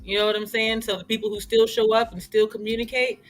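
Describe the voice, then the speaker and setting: High bright voice guy, emphatic, faint music behind. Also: level tone, fast talker. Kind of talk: casual chat.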